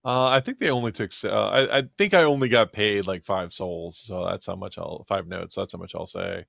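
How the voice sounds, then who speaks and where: A man's voice: low-pitched, brisk, vocal fry, fairly bright tone, no echo, exaggerated voice. A man voicing a timid male insectoid alien who moves boxes, with a meek, plaintive and hesitant way of talking.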